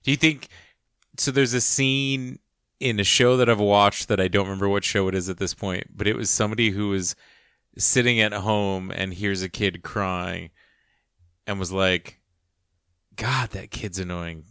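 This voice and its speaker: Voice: sits low, fairly even intonation, normal speed, fairly bright tone, clear, resonant tone, dry recording, studio quality. A podcast co-host chatting casually and reacting with frequent laughs and sarcastic asides. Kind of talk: casual chat.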